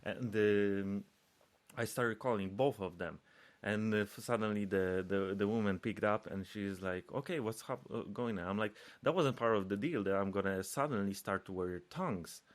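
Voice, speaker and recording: Man, lowish voice, second-language English, casual podcast chat, animated storytelling, acts out quotes. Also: moderate pace. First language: not English. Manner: searches for English words. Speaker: podcast co-host.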